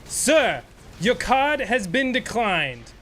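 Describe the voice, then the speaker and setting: A man's voice: very high-pitched, sing-song, slow pace, sharp tone, slight background noise, pitched above the performer's own voice, exaggerated voice. A man voicing a curt, pushy male rental car clerk who talks in clipped, insistent lines. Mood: rude, pushy.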